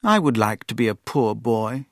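A man's voice: mid-range voice, normal speed, no room sound, clean studio sound. A man voicing a proud young boy prince who gives orders and talks eagerly, in a storybook reading. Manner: orders loudly, lively and eager.

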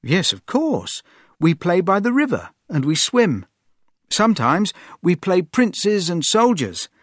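A man's voice: sits high, huge pitch swings, slow, no room sound, clean studio sound, voice pushed up, heavily acted. A man voicing a poor young beggar boy who answers politely and plainly, in a storybook reading. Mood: humble. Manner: polite and plain, says sir.

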